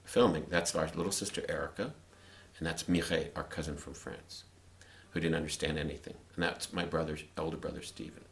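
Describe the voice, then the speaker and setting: A middle-aged man with a very low voice talks casually over old family footage. He speaks in a relaxed, chatty way, restarting sentences as he goes. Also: fairly quick, gravelly. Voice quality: conversational, with restarts and laughs. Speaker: narrator of family film. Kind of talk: casual commentary over home video.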